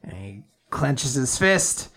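A man co-hosting a podcast, recapping comic chapters as an animated storyteller who laughs often. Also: mid-range voice, slow. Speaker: podcast co-host. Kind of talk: casual chat, recapping comics.

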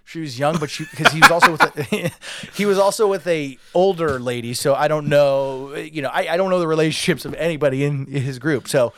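A man's voice: on the high side, a little fast, sharp tone. A man co-hosting a podcast, telling a rambling story with lots of filler words and acted-out quotes. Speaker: podcast co-host. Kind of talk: casual storytelling.

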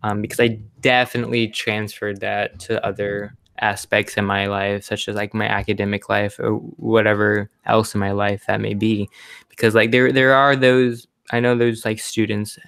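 Gravelly young man chatting casually. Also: lowish voice, level tone, normal speed, fairly bright tone, dry recording. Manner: rambling, lots of "like". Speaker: podcast host. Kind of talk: casual chat.

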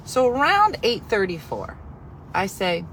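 A woman telling a comic story in an animated, exasperated way, with sarcastic asides. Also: medium pitch, a little slow, slight background noise.

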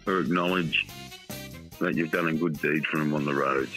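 A man's voice: a bass voice, steady tone, normal speed, sharp tone, faint music behind, low-quality recording. A middle-aged Australian man, a football journalist, talking candidly in a casual podcast interview, often repeating himself and restarting.

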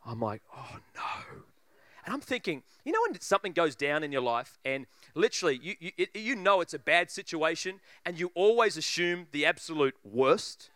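A preacher telling a funny story in a sermon, acting out voices and laughing often. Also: male voice, fairly high pitch, big pitch swings, brisk, hardly any pauses, fairly bright tone, no echo, clean studio sound.

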